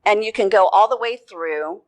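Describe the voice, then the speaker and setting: At a security conference, a woman gives a talk, telling her story in a relaxed way at medium pitch and a moderate pace. She laughs easily.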